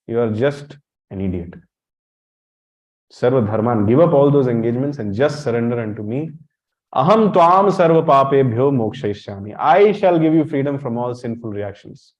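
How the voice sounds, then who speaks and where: A monk gives a temple lecture in a mid-range voice with a darkish tone, heard on a dull lo-fi recording. He's blunt and teasing, quizzing the audience and calling on listeners directly.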